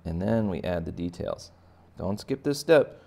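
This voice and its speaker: Male art teacher for kids, low and gravelly, playful chatty delivery. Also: expressive, a little slow, darkish tone. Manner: playful, chatty, talks to children directly. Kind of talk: step-by-step drawing lesson for kids.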